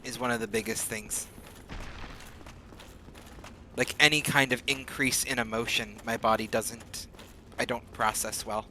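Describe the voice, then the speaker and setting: Man, game streamer, rambling casual chat, mid-pitched voice, steady background noise. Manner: rambling, often speeds up into rapid talk.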